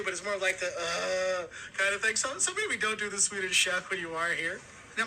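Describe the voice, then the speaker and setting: A man's voice: high voice, sharp tone, a little hiss or hum, poor audio. A man presenting travel tips in a chatty, upbeat way, laughing easily as he goes.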